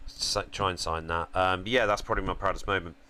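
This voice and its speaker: Deep-voiced man commenting on gameplay. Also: fast talker, clean tone. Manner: chatty, thinks aloud, sudden excited outbursts. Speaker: gaming channel host.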